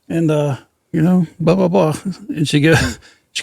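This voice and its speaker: Man, slight southern accent, fairly high voice, folksy storyteller, dry close mic. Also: fairly even intonation, normal speed, creaky, a little mellow, husky, no room sound. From Kentucky. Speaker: podcast host. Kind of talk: casual podcast chat.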